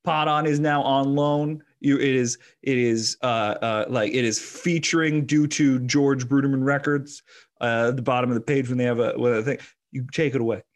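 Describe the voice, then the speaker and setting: A man's voice: medium pitch, fairly even intonation, moderate pace. A man co-hosting a comedy podcast, chatting casually with frequent laughs and many fillers. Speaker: podcast co-host.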